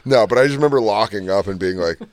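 Low-voiced man telling crude stories. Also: fast. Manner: animated anecdotes, profane, laughing. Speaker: podcast co-host. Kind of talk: crude casual banter, storytelling.

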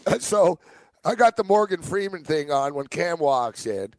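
A man's voice: on the high side, sing-song, a little slow, darkish tone, no room sound. A man co-hosting a radio show, chatting casually and animatedly telling stories, often slipping into quoted voices. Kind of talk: casual banter.

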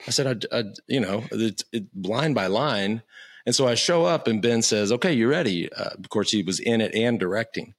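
A man's voice: fairly low pitch, animated, normal speed. A man in his fifties telling stories as a podcast guest, casual and profane, with lots of stammering restarts. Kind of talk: casual storytelling.

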